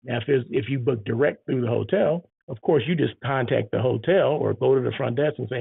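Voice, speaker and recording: This man is a hotel site selection planner and vlogger, delivering a chatty, casual vlog monologue and constantly checking in with "right?" and "okay?". His medium-pitched voice is brisk, gravelly and husky, with hardly any pauses. There's no echo, though the recording sounds tinny, like a phone.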